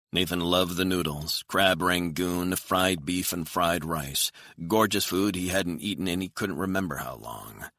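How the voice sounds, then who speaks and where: A man narrating a thriller audiobook in steady, even storytelling. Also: deep voice, no room sound, clean studio sound.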